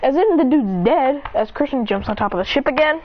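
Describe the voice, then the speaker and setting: Narrator: woman, high lively voice, rambling excited fan-story retelling, dull lo-fi recording. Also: fairly quick, slight background noise.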